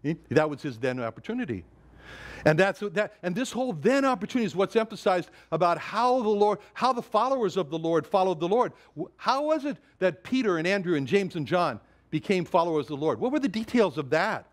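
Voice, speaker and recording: A man's voice: high-pitched, very animated, brisk. A man preaching a sermon, emphatic, repeating words and quoting scripture in older English.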